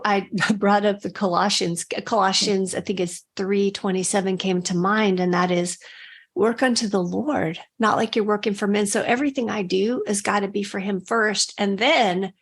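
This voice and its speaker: A woman's voice: medium pitch, fairly even intonation, breathy edge. A woman guest on a talk show, sharing personal faith stories in an earnest, casual way. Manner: earnest, storytelling, quick bursts. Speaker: podcast guest.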